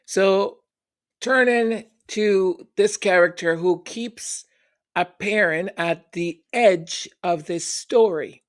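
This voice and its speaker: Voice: medium pitch, takes it slowly. A commentary host speaking sarcastically, with emphatic rhetorical questions. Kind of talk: opinion commentary.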